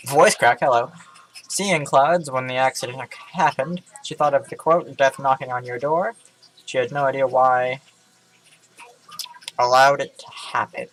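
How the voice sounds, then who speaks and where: A man's voice: medium pitch, normal speed, a bit bright, a little hiss or hum, rough recording. A tired young man casually reading a story aloud from his webcam, with sarcastic asides and stumbles over words. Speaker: gaming vlogger. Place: indoor room.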